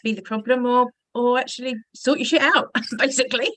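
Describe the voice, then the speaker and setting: A woman's voice: a little high, a little fast, a bit bright, no echo, poor audio. A woman hosting a casual interview, chatty and thinking aloud with tag questions. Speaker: interview host.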